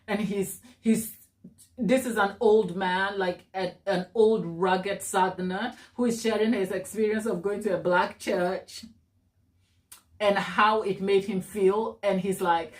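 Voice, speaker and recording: A woman hosting a baking live stream, chatting warmly and encouragingly with her viewers and laughing often. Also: mid-range voice, fairly even intonation, slow. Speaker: cake baking channel host.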